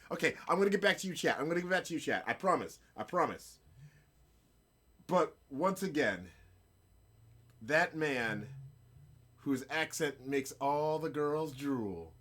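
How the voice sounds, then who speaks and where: A middle-aged man hosting a casual live-streamed gaming and photography show, playful and laughing, giving hyped shout-outs to his chat and guests. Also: fairly high pitch.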